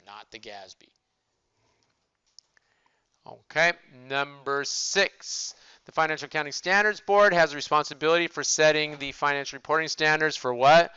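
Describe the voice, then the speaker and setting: An older male accounting professor gives a casual recorded lecture, asking questions and answering them himself. His voice is slightly high, pushed, bright and smooth, on a lo-fi recording with no room sound.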